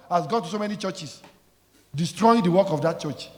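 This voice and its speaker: A man's voice: high voice, expressive, normal speed, darkish tone. A man preaching a sermon as pastor, emphatic and scolding, calling out questions for the congregation to answer. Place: church. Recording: echoey church hall.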